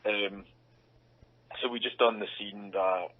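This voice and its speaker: A man's voice: fairly low pitch, steady tone, takes it slowly. A young man who is an actor, chatting casually in an interview, laughing often and acting out quotes. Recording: dull lo-fi sound.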